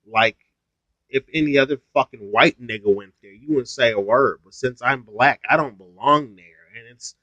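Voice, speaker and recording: A man's voice: medium pitch, moderate pace, bright, forceful tone, dry recording. Profane, ranting man, dull lo-fi sound. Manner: blunt, heavily profane ranting. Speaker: YouTuber. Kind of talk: casual storytime vlog.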